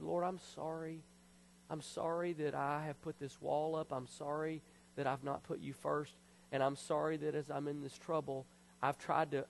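A man preaching a sermon as pastor, passionate and then quiet and confessional. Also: on the high side, gravelly. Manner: emotional, confessional preaching that drops to a hush. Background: soft piano music.

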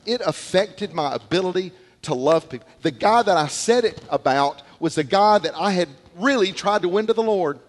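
Middle-aged man, pastor, animated sermon storyteller, somewhat high voice, echoing church hall. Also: normal speed, few pauses. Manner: animated storytelling, repeats words, acts out quotes. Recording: long hall reverb.

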